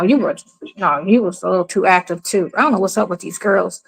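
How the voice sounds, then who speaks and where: In a rough recording, a middle-aged American woman, a mother, chats casually and tells her stories energetically, acting out every person she quotes. Her voice is medium-pitched and gravelly, and she talks quickly.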